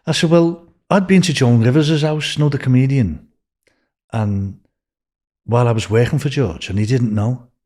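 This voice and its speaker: A man's voice: medium pitch, moderate pace, mellow. An older man with a Liverpool accent, a podcast guest telling long anecdotes with restarts and swearing. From England. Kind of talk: storytelling in a podcast interview.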